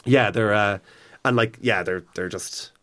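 A man's voice: fairly low pitch, a little slow, a bit bright. A man in casual chat, retelling stories with enthusiasm and plenty of fillers and restarts.

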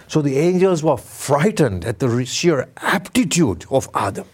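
A middle-aged man preaching a conversational sermon, putting questions to his listeners and slowing down to stress key words. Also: a little high, very animated, slightly rough. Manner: questions the audience, emphatic with sudden slow stresses. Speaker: Islamic preacher.

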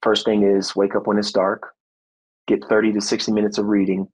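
A man in his thirties, a former football player, telling a personal story in a podcast interview, earnest and animated, acting out what people said. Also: lowish voice, fairly quick, breathy edge, rough recording. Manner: faith-centered, reflective. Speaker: guest, former football player and motivational speaker.

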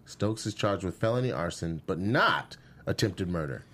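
Animated man co-host with a lively pitch. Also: normal speed, a little hiss or hum. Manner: animated, acts out quotes. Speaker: podcast co-host reading news items. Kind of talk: casual opinion talk and news reading.

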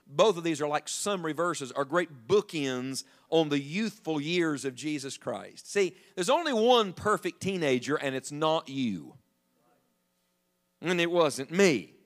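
A man's voice: fairly high pitch, unhurried. A middle-aged man, preaching a sermon as an evangelist in a folksy, storytelling way. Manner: folksy, animated storytelling with jokes to the congregation.

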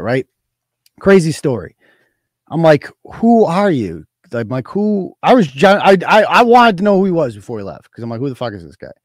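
A man hosts a live weekend show, chatting loosely and swearing freely as he tells his stories. His voice sits a little high for a man, and the sound is dry and close with no room echo. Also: darkish tone. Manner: profane, boastful storytelling. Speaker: host. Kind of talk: casual live-show chat.

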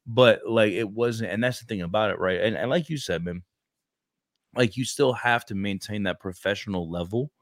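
Young brooklyn guy, kinda low voice, says bro constantly, super dry close mic. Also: normal speed, no echo. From Brooklyn, New York. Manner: slangy and animated, says "bro" often. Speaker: podcast host, recruiter. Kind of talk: casual podcast chat.

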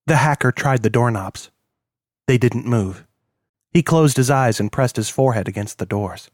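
A man giving a steady, measured reading as the narrator of an audiobook. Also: mid-range voice, no room sound, clean studio sound. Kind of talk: scripted narration.

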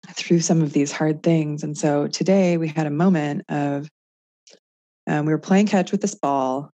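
This woman, probably in her thirties, has a deep, dark-toned voice recorded with no echo. She co-hosts a podcast, chatting casually and reflecting aloud with lots of filler words.

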